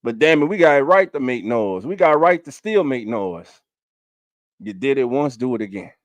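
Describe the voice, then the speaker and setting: A man's voice: mid-range voice, big pitch swings, normal speed. A man hosts a casual livestream from a home setup, speaking with a mid-range voice. He hammers his points by repeating them and greets viewers in the chat. The sound is dry and close, with no room echo. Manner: emphatic, repeats key lines; hands out shout-outs to chat. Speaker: fan show host.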